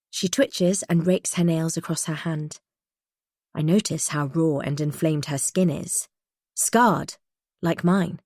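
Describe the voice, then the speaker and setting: A woman reading a first-person thriller audiobook in a tense, measured way. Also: sits low, a little mellow, no room sound, studio quality. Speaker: audiobook narrator.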